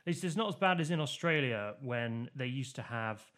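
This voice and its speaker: A man's voice: medium pitch, expressive, moderate pace, a bit bright. A man co-hosting a podcast, explaining voting and polls in a casual, rambling way with many fillers and restarts. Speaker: podcast co-host. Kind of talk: casual political chat.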